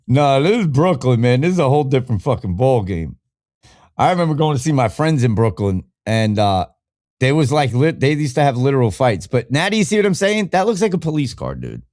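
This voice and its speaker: A man's voice: medium pitch, normal speed. A man hosting a podcast, ranting casually and swearing a lot while he thinks aloud and clicks through things. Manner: profane, animated, thinking aloud while browsing. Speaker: podcast host.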